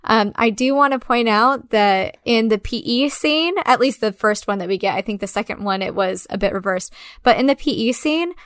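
A woman co-hosting a casual film discussion, chatty and full of fillers and quick asides. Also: a little high, no echo, clean studio sound. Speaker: podcast co-host.

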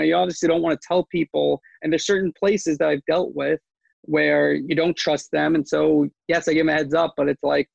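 Gravelly rambling man reporter. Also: fairly high pitch, no room sound, highs cut off. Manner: rambling, many fillers and restarts. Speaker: sports media reporter. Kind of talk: casual interview talk.

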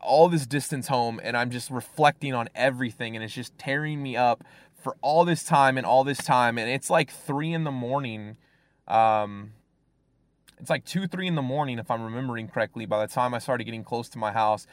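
A man's voice: medium pitch, moderate pace, no room sound. A young man from Fresno, California, telling a personal story in casual talk, full of fillers and restarts. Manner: rambling, many fillers and restarts. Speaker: guest storyteller.

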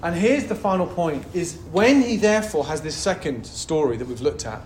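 A male pastor delivers a sermon in a relaxed, conversational way that keeps rising into passion, with lots of asides to the congregation. His voice sits fairly high for a man. The recording is roomy, with faint background noise. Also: normal speed. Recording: roomy echo.

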